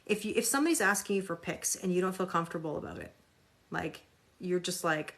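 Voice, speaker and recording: A woman's voice: fairly low pitch, quick pace, creaky, a bit bright. A woman hosting a live tarot reading, talking casually with viewers in a sarcastic, chatty way and reading card meanings aloud.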